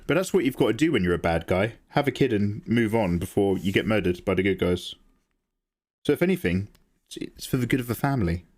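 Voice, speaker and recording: A man hosting a live drawing stream, chatting casually and reacting to viewer messages, laughing often. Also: brisk. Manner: chatty, animated, laughs often, jumps to high pitch when excited. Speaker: art livestream host. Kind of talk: casual chat while drawing, reading chat.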